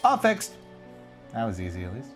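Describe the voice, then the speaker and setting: A man's voice: fairly low pitch, moderate pace, soft background music. A man streaming a video game, chatting casually to himself and joking about his own mistakes. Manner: animated, jokey, self-mocking, talks to himself. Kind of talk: casual live gameplay commentary.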